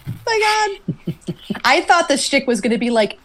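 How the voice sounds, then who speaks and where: A woman co-hosting a podcast in casual chat, excitable, laughing often and acting out quotes. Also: a little high, a little fast. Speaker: podcast co-host.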